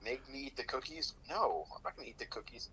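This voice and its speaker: Guy with a really bright sharp voice, stumbles over his words a lot, casual stream chat. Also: mid-range voice, expressive, rough recording. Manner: halting, repeats words as he starts sentences. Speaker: co-host on stream.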